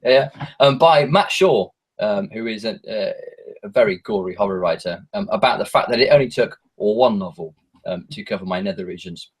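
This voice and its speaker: A man's voice: lowish voice, expressive, moderate pace, husky. An English man, a horror author, chatting casually as a podcast guest, hesitant with many ums and self-mocking asides. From England.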